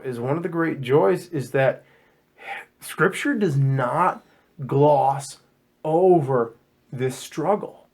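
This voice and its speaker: A man with a fairly high voice hosts a casual Bible discussion podcast. He is animated and jokey, and he stumbles over his words and repeats himself as his thoughts run ahead. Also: gravelly, slightly rough. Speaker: podcast host.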